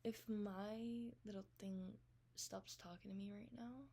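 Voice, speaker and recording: A young woman telling a storytime vlog, recounting a text argument in a rapid, profane, exasperated way, swinging between loud venting and hushed asides. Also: mid-range voice, steady tone, slightly rough.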